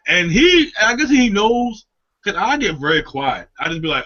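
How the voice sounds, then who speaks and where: A man co-hosting a talk show, delivering a profane comic rant full of swearing and quick mimicry of others. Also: high voice, big pitch swings, sharp tone. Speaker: podcast co-host. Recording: dull lo-fi audio.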